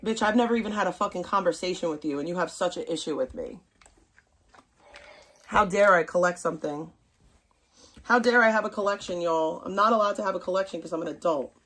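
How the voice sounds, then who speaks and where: A woman's voice: on the low side, fairly quick, a bit bright. A woman, ranting bluntly and profanely to her stream chat. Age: 30s. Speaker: livestream host. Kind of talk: casual rant to stream chat.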